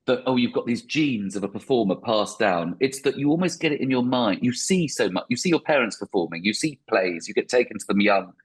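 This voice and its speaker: A man's voice: mid-range voice, slightly rough. A man, a stand-up comedian, talking reflectively in a podcast interview with frequent restarts.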